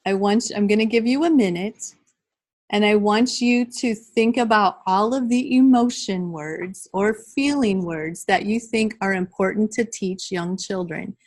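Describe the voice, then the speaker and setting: A woman's voice: mid-range voice, unhurried, rough recording. A middle-aged woman leading a live training workshop, talking conversationally and addressing the group directly.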